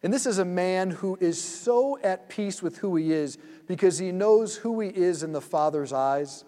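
Gentle guy leading a guided prayer meditation, slow and hushed, echoey church hall. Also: high-pitched, lively intonation. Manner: gentle, slow and soothing, drops to a hush.

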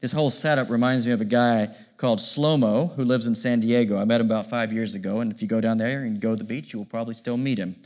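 A middle-aged man preaching a sermon in an animated, conversational way, often asking the listeners rhetorical questions. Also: mid-range voice, fast talker, few pauses. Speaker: pastor.

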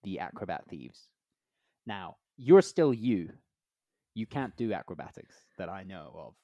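A man's voice: deep voice, big pitch swings, a little slow, warm tone, dry recording. A man co-hosting a comedy podcast, riffing through playful made-up scenarios with lots of filler. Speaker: podcast co-host.

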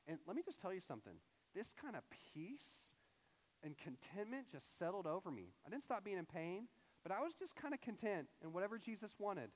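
A man in his thirties telling a personal story in a sermon, acting out his own lines with lively storytelling. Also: high voice, fairly quick. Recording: long hall reverb.

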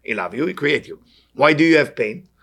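A man's voice: on the high side, animated, brisk, fairly bright tone. A man giving a spiritual lecture to an audience, earnest and questioning, often repeating short phrases. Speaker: Kabbalah teacher.

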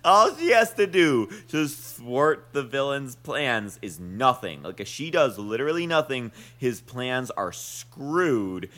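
A man co-hosting a podcast, talking excitedly with lots of stammers and "like". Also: medium pitch, takes it slowly, few pauses. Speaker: podcast co-host. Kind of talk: casual chat.

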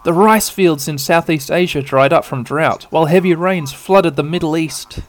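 A man hosting a podcast, casually narrating a game playthrough in a relaxed, rambling way. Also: fairly high pitch, normal speed. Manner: relaxed, rambling, with filler ums. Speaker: podcast host.

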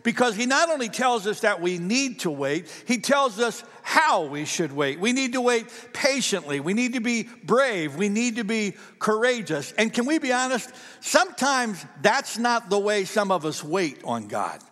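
A male pastor delivers a sermon in a chatty, animated way and keeps asking the congregation questions. His voice sits high for a man. It rings with the long reverb of a church hall. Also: normal speed, few pauses.

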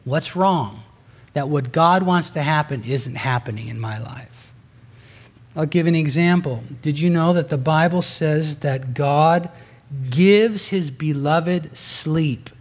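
Male pastor, earnest sermon delivery, fairly high voice, climbs for emphasis. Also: slow pace. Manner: earnest, rises in pitch and force for emphasis; conversational with asides and restarts.

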